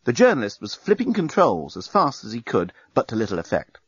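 Expressive male storyteller, dry muffled sound. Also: mid-range voice, fairly quick, breathy edge, dry recording. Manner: lively, expressive reading. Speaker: narrator. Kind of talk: audiobook narration.

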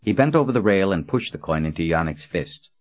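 A man narrating an audiobook in a measured storytelling manner. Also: sits low, dull audio. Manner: measured storytelling with expressive character voices.

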